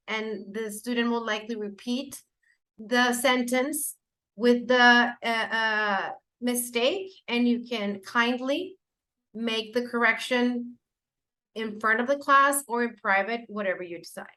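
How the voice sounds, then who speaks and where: A woman's voice: fairly high pitch, takes it slowly, sharp tone. Woman giving a teacher-training lecture. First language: Spanish. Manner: explanatory, with fillers and self-corrections.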